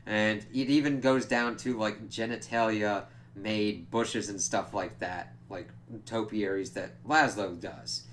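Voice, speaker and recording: Man, low voice, casual episode review, loose and rambling, lots of fillers, faint hum behind. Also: steady tone, takes it slowly, fairly bright tone. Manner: rambling, loose, many "kind of" and "like" asides.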